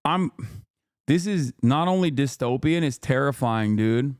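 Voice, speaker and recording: A man's voice: medium pitch, expressive, measured pace, a little mellow, clean tone, no echo, clean studio sound. Exasperated man ranting on a stream. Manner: exasperated, profane, reads posts aloud. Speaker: streamer host. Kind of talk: casual livestream commentary.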